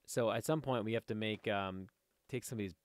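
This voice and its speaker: A man's voice: fairly low pitch, fairly quick. A man giving casual, rambling commentary while playing a game, easily sidetracked and chatting to viewers and to the creatures on screen. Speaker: let's play host.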